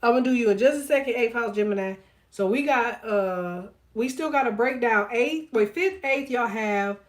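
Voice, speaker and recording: Woman, slightly high voice, tarot livestreamer, casual and foul-mouthed, laughs a lot. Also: normal speed. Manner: profane, blunt and jokey, laughs often; talks to viewers directly, reads chat aloud. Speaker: tarot reader.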